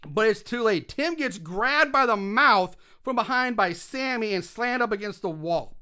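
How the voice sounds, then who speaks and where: A man narrates a movie's plot in loose, chatty podcast style, often slipping into the characters' voices. His voice has a bright, forward edge. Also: high voice, clear, resonant tone. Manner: animated storytelling, acts out characters' lines, lots of "like". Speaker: podcast co-host recapping a film. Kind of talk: casual movie recap chat.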